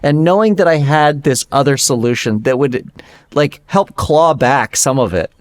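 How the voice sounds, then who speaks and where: A man's voice: medium pitch, moderate pace. A man co-hosting a casual podcast, teasing his friend with pointed follow-up questions. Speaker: podcast co-host. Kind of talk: casual chat.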